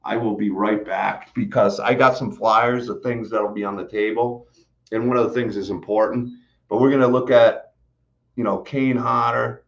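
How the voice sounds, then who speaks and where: A man's voice: lowish voice, steady tone, moderate pace. A man hosting a live stream, chatting casually and rambling with lots of fillers and restarts, a bit out of breath. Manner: rambling, repeats himself, many fillers. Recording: slightly dull, lo-fi stream audio.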